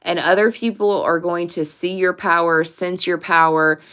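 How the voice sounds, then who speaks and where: A woman reads tarot cards for her viewers in a casual, direct way, stressing her points and swearing freely. Her voice is lowish for a woman and smooth and clear. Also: fairly even intonation, moderate pace, a bit bright. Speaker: tarot reader. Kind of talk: casual pick-a-card tarot reading to camera.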